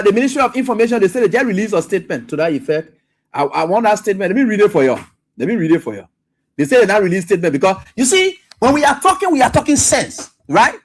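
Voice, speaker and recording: A man with a Liberian English accent hosting live talk radio, scolding and animated, stumbling over fillers as he reads a statement aloud. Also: extremely high pitch. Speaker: radio talk show host.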